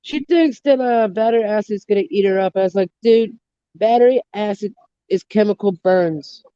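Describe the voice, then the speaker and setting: A man's voice: high voice, normal speed, mellow, smooth, no echo, lo-fi sound. Gossipy, crude man on a livestream. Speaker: livestream guest. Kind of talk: casual livestream chat.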